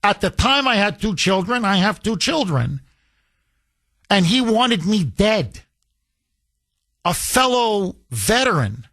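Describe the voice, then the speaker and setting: Middle-aged male talk radio host, heated and emphatic, bright forceful tone. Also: high voice, very animated, takes it slowly, long pauses. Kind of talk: political talk radio monologue.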